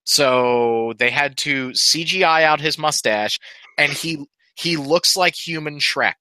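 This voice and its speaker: Give me a man co-hosting a podcast. His voice is bright and sits dry and close to the mic. He jumps in eagerly with quick asides and rushes when he gets excited. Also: fairly high pitch, smooth, dry recording, poor audio. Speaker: podcast co-host. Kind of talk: casual chat.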